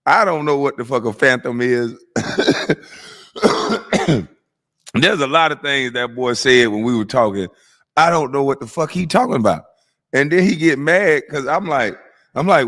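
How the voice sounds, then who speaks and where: With lively intonation and a fairly bright, mid-range voice at a moderate pace, this stream host mocks clips in a profane roast. He's stuffy-nosed and keeps breaking into laughter.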